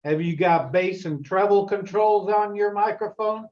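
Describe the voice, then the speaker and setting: A man's voice: sits high, unhurried, dull audio. A man chatting on a video call with brief, matter-of-fact remarks. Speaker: call participant. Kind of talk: casual chat on a video call.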